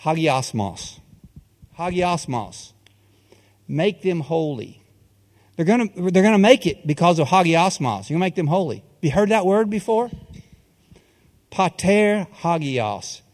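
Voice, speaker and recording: A man preaching a sermon as pastor, folksy and animated, slipping into a coach's pep-talk manner. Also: on the high side, a little slow, pauses often. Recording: long hall reverb.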